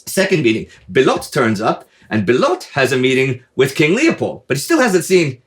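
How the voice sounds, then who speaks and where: A male host casually recounting history in an animated, storytelling manner, full of asides and restarts. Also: medium pitch, moderate pace.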